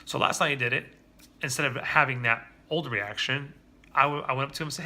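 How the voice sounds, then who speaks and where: A man talking candidly and earnestly about his own parenting in a personal vlog, often halting and restarting. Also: mid-range voice, pushed and bright. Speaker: father vlogger.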